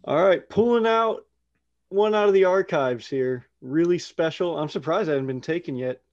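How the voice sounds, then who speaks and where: A man's voice: a little high, moderate pace, darkish tone. A man in casual group banter, playful and teasing. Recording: dull, lo-fi sound.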